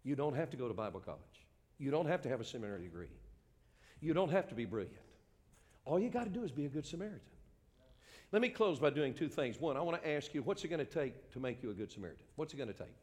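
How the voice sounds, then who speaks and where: A man in his sixties preaching a sermon as pastor, earnest, dropping to a hush and then rising to a ringing call. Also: medium pitch, very animated, fast talker, big-room sound.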